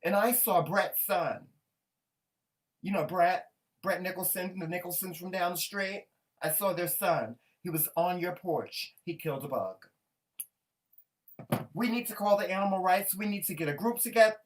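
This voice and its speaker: A man's voice: high-pitched, moderate pace, voice pushed up, close to an everyday voice. A man voicing a fussy, nosy middle-aged neighbor woman who tattles breathlessly, heard from a slightly distant mic. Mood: tattling.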